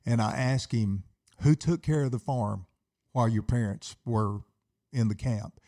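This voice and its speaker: A man's voice: mid-range voice, a little slow, dark tone. A man in his sixties, an Army veteran telling his stories in an interview with earnest, heartfelt sincerity.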